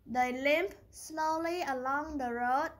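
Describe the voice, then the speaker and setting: A woman reading a children's picture book aloud for her channel, careful and deliberate with small slips. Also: high voice.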